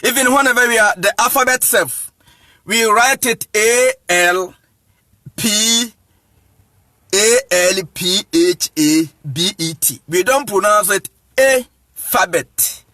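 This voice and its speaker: A man's voice: high voice, takes it slowly, pushed and bright, no room sound, clean studio sound. A man who is an evangelist, giving an emphatic lecture-style talk, spelling out letters, laughing often and speaking straight to his listeners. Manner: addresses listeners directly.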